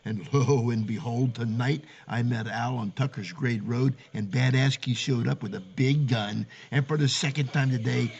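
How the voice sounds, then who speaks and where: A man's voice: mid-range voice, steady tone, moderate pace, gravelly, few pauses, darkish tone, highs cut off, close to an everyday voice. An actor playing a tough, wisecracking noir detective who talks bluntly and taunts his suspect. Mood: grim. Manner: hard-boiled, taunting, blunt. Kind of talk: 1940s radio acting.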